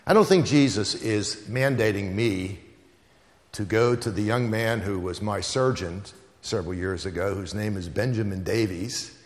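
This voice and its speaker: Low-voiced preacher in a reverberant hall. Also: male voice, moderate pace. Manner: storytelling preacher with repeated emphatic phrases. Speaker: pastor. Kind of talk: sermon.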